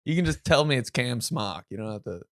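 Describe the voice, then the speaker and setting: Male podcast co-host, relaxed teasing banter, lively pitch swings, dry close mic. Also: brisk, no echo. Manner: laid-back, teasing, calls people dude and bro. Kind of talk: casual comedic banter.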